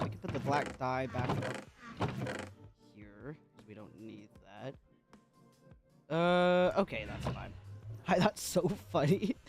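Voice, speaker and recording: A playful man livestreaming a game, chatting and laughing with his viewers. His voice sits high and bounces around a lot, with soft music playing faintly behind him. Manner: chatty, playful and giggly, talks to chat. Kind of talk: casual gaming livestream chat.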